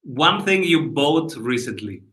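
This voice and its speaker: A man hosting a podcast interview over a video call, asking short questions with pauses. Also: on the high side, big pitch swings, a bit bright, reverberant, poor audio. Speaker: podcast host.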